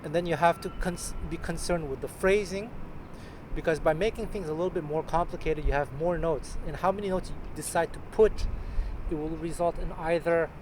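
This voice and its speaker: A man teaching a casual guitar lesson, chatty and joking, counting beats out loud. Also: fairly high pitch, background noise. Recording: loud guitar playing under voice.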